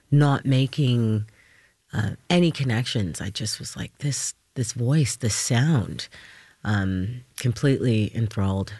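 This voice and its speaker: A man's voice: mid-range voice, takes it slowly, darkish tone, breathy edge, dry recording. A man who sings on stage, talking as an interview guest, thoughtful and searching for words. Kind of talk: casual interview talk. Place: radio studio. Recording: dry studio sound.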